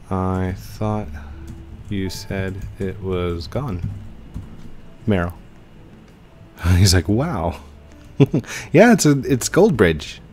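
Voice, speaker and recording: A man giving casual gameplay commentary as a channel host, excitable and laughing often, yelping when things go wrong. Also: deep voice.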